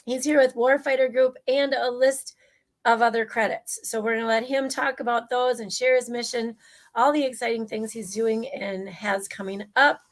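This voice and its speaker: A woman's voice: on the high side, fairly even intonation, moderate pace. A woman co-hosting an online talk show, opening it in an upbeat, casual way with frequent "um"s. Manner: upbeat, filler-heavy. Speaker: co-host.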